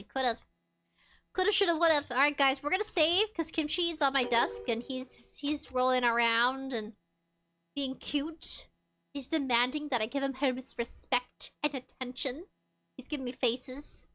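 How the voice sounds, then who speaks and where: A woman's voice: high-pitched, a little slow, pushed and bright. A young woman streaming a game, chatting casually and giggling as she reads chat aloud.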